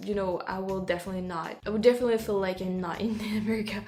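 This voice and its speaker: A woman's voice: mid-range voice, fairly even intonation, dark tone, slight background noise. A woman with a French accent, a native French speaker, hosting a casual reaction chat and often stopping to correct herself. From France. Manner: halting, self-correcting, laughs at herself. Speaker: YouTube host.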